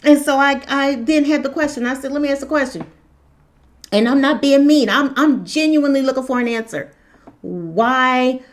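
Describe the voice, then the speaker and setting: A woman's voice: high-pitched, moderate pace. Impassioned woman firing rhetorical questions. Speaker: spiritual commentator. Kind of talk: spoken commentary monologue.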